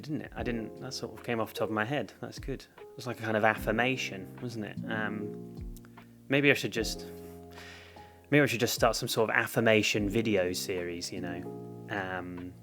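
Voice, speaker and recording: Man, English accent, host, low voice, rambling, self-mocking, guitar music behind. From London, UK. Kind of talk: casual scripted intro monologue.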